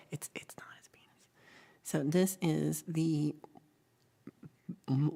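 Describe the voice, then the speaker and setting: A woman with a low voice hosts a relaxed livestream chat. She talks to her viewers in a chatty, rambling way, full of ums, and reads their messages aloud as she goes. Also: vocal fry. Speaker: livestream host.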